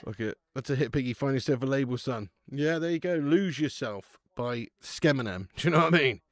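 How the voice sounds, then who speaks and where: A man's voice: medium pitch, fast talker, a bit bright, no room sound, clean studio sound. A man hosting a live football watch-along stream, chatting casually with viewers, laughing often and swearing freely.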